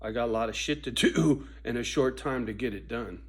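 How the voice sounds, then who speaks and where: A man in a profane casual monologue, swinging from a loud, preachy rant to low muttering. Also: moderate pace, slightly rough. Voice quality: swears constantly, preachy and intense. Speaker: vlogger.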